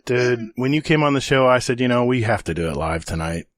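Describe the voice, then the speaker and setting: A middle-aged man hosting a casual podcast, low-key and wry. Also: expressive, fairly quick, fairly bright tone, no room sound. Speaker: podcast host.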